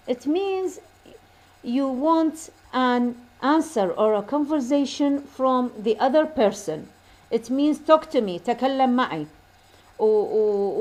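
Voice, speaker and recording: Slow-drilling English teacher. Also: female voice, a little high, a little mellow. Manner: slow careful model sentences, quick asides in Arabic; repeats phrases for drilling. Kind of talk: bilingual classroom lesson.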